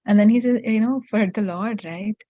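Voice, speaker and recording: A woman telling a devotional story in a conversational way, often pausing and searching for words with many fillers. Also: medium pitch, dry recording, dull audio.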